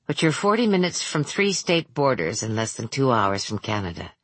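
A woman reading a novel aloud, voicing a brisk, dry-witted female federal agent who talks in clipped, matter-of-fact lines. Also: very deep voice, sing-song, breathy edge, no echo, pitched below the performer's own voice, full character voice.

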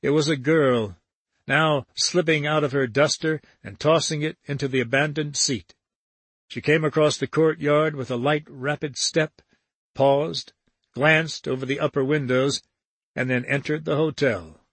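A man reading a novel aloud as an audiobook narrator, steady and even. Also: on the high side, measured pace, breathy edge, no echo.

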